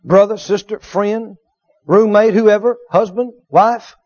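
A man preaching a sermon, animated, acting out little dialogues and swinging from loud to hushed. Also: high-pitched, slow. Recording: dull lo-fi sermon recording.

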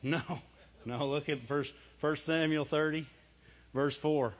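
High-voiced preacher asking rhetorical questions. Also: male voice, steady tone, takes it slowly. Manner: rhetorical questions, answering himself; conversational, chuckling preaching. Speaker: pastor. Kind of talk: sermon. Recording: dull lo-fi recording.

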